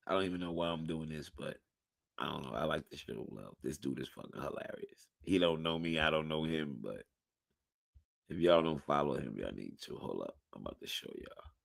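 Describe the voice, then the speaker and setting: A man's voice: rumbling low, animated, brisk, gravelly, dry recording, studio quality. A man hosting a reaction video, chatting casually and profanely to his viewers with laid-back asides.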